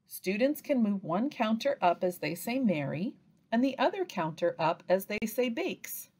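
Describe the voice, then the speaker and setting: A woman giving an instructional training narration for early reading teachers, pausing to chant example phrases. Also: medium pitch. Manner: slow, lively delivery with chanted example phrases.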